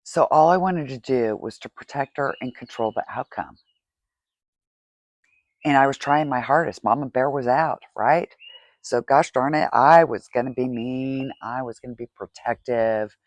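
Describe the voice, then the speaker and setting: This woman hosts a podcast, speaking in a bass voice at a moderate pace in a dry recording. Her monologue is confessional and candid, sometimes tearful, and punctuated by rhetorical "right?"s.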